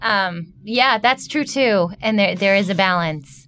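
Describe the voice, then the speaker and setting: A woman's voice: mid-range voice, a little slow, slight background noise. A woman from New York chatting in a studio, an actor who tells stories animatedly and acts out what people said. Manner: animated storyteller, acts out quotes, laughs often. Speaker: co-host, actor. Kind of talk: casual chat.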